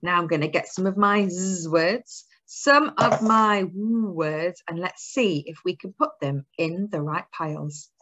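A woman leads a phonics lesson for small children, stretching each word out slowly. Her voice sits a little low for a woman and lifts into a lively, encouraging sing-song. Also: dull audio. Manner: slow, sing-song, encouraging teacher talk with drawn-out words. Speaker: early years teacher.

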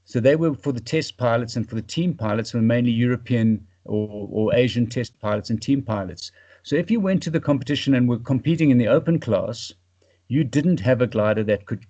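A South African paragliding pilot, appearing as a podcast guest, chats casually in a mid-range voice and trails off into quiet fragments. The recording sounds lo-fi.

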